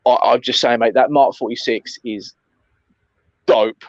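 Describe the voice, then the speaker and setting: A man recounting an airsoft game in casual chat, animated, swearing often and calling his friend mate. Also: medium pitch, measured pace, dry recording, muffled recording.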